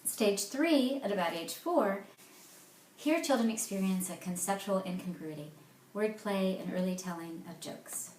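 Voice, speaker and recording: A woman talks through a lesson at a middle pitch, reading jokes aloud with lively, playful emphasis. Her voice rings a little in an echoey room. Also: a little slow, a little hiss or hum. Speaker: speech therapist presenting a therapy game. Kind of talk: explanatory presentation.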